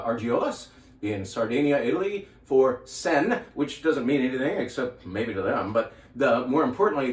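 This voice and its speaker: A man's voice: mid-range voice, recorded from a distance. Man, wine shop host, chatty, enthusiastic, roomy echo, a bit off-mic. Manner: chatty, enthusiastic, laughs at himself. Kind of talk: casual video presentation.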